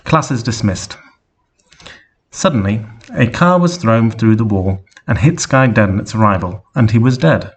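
A man reading a story aloud in a flat, deadpan way. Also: lowish voice, normal speed, slightly rough. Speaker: reader.

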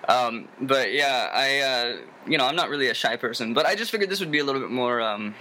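Young man, General American accent, casual rambling vlog, jokey, bright voice. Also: a little fast. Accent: General American, no Southern drawl. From Tennessee, USA. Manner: rambling, animated, jokey, with sudden high sung bits. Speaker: vlogger introducing himself to a forum. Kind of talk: casual rambling video introduction.

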